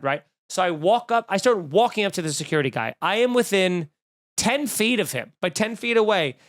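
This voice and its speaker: A male comedian hosts his podcast, spinning a profane, snarky rant about a bad encounter. His voice is high and smooth, close to the mic in a dry room. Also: a bit bright, no room sound. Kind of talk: casual comedic storytelling.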